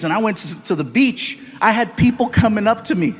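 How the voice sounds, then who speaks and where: A man from the United States doing animated stand-up storytelling on a live comedy stage, acting out voices and swinging between loud and soft. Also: high voice, fast talker, breathy edge.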